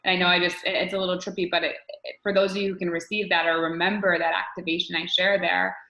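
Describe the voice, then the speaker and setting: A woman coach giving animated, spiritual interview answers, often restarting her sentences. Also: fairly low pitch, quick pace, roomy sound, highs cut off. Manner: animated, spiritual, repeats herself. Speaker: guest coach.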